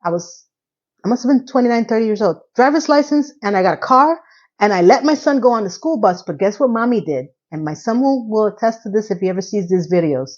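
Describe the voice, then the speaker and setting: A woman's voice: mid-range voice, fast talker. Candid New woman with dull sound. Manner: candid, animated storyteller who swears. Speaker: TV recap host. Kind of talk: casual show recap.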